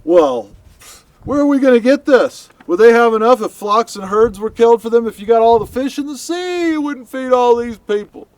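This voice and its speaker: A man voicing an exasperated old male leader who pleads loudly and anguished, pitched well above his own voice. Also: normal speed, dry recording, distant mic, poor audio. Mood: incredulous.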